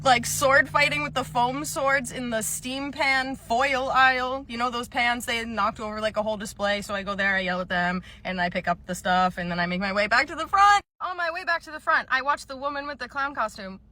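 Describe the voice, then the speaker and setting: A young woman telling comedic storytime skits about retail work, deadpan and sarcastic. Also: fairly high pitch, fairly quick, few pauses. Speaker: comedy creator, former store cashier.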